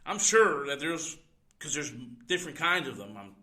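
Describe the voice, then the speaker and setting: A man's voice: a little high, sing-song, normal speed, bright, forceful tone. A man hosting a solo podcast from home, ranting in a heated, profane way. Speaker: podcast host. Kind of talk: solo opinion podcast rant.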